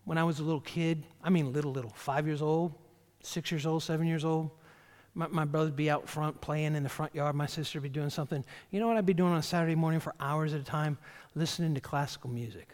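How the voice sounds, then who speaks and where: A man, the pastor, preaching a sermon in an animated way, often repeating phrases and stumbling on the starts of words. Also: fairly high pitch, fast talker. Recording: church hall with long reverb.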